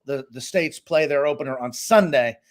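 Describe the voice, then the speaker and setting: A middle-aged Boston man with a mid-range voice speaks at normal speed as co-host and sports analyst on a casual sports podcast, offering opinionated, animated takes.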